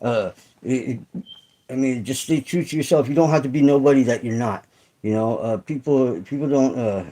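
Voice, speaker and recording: A man's voice: medium pitch, normal speed, warm tone, rough recording. A middle-aged man hosting a casual livestream chat with viewers, rambling and swearing, full of fillers and restarts. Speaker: channel host.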